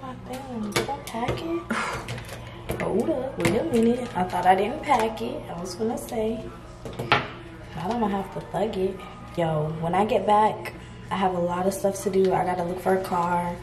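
A young woman from Georgia in the US, chatting casually to her viewers in a vlog, relaxed and slangy, calling them y'all. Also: mid-range voice, moderate pace, roomy sound, loud music behind the voice. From Georgia, USA. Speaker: vlogger. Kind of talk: casual vlog chat to camera. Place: hotel room.

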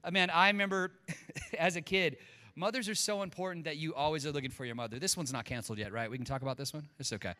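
A middle-aged man preaching in a church, talking in a bright, forceful voice pitched a touch high. He jokes and chats with the congregation in a casual sermon. The sound rings with long reverb from the sanctuary. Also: fast. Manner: joking, chatty, animated asides. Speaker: pastor.

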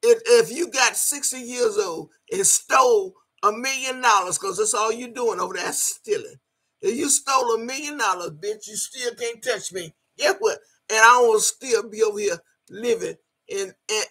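This is an older woman from Alabama with a thick Southern accent, hurling profane insults in a heated livestream rant. Her voice is husky and cutting, with a bright, tense edge that flares into shouting. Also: on the high side.

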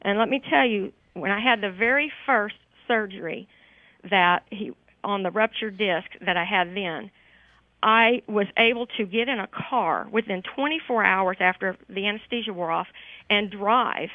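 A woman's voice: mid-range voice, normal speed, dry recording. A woman calling in to a radio show, giving a heartfelt, grateful testimonial in an emotional voice. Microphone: telephone. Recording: tinny phone line.

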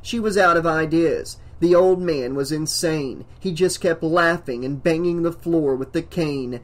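A man's voice: a little high, unhurried. A man reading a horror novel aloud as an audiobook narrator, with dramatic emphasis.

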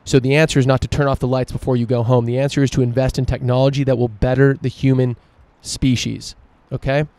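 A man's voice: mid-range voice, level tone, fast talker, hardly any pauses, darkish tone, no echo. A man hosting a solo opinion podcast, ranting emphatically and swearing freely. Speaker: podcast host.

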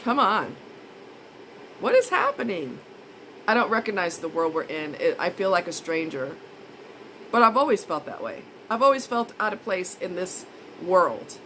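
A woman's voice: lowish voice, big pitch swings, moderate pace, long pauses, a bit bright, a little hiss or hum, low-quality recording. A woman vlogger in a casual monologue, blunt and indignant, repeating her points for emphasis.

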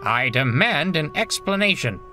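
A man's voice: on the high side, big pitch swings, normal speed, bright, forceful tone, faint music behind, voice pushed up, heavily acted. A man voicing a strict, scolding male bus company owner in a storybook reading. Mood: stern. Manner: stern, scolding.

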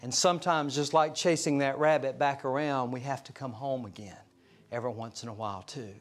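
A man pastor giving a conversational storytelling sermon at a church service, earnest and slowing down to stress his points. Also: medium pitch, steady tone. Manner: conversational, chuckles through anecdotes; earnest, slows for emphasis.

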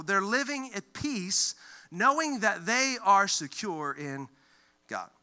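A male pastor giving a lively, joking sermon, acting out the voices he quotes. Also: sits high, a little slow, clear, resonant tone. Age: adult who grew up in church, looks back on age twelve. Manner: animated, jokey, acts out quoted voices.

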